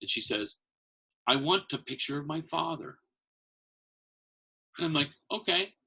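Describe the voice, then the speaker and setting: Animated husky man telling stories. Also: unhurried. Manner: animated, acts out quotes with big pitch jumps. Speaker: podcast guest, magician and Santa performer. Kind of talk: casual storytelling.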